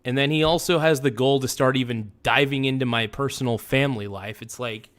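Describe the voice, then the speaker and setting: A worked-up man on a live stream, cursing and circling back over the same grievances. His voice sits at an ordinary middle pitch, dropping to low mutters before it jumps into sharp bursts. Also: fairly quick. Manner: heated, profane, repeats himself, swings between muttering and outbursts. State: upset. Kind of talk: angry live-stream rant.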